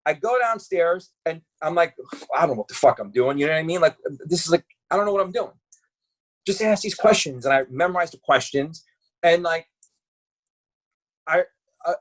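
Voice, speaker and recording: A man, telling stories in a casual podcast chat, acting out the voices of the people he quotes. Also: on the high side. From Brooklyn, New York. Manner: animated, acts out quoted voices, lots of swearing and fillers. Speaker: podcast guest. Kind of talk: casual storytelling.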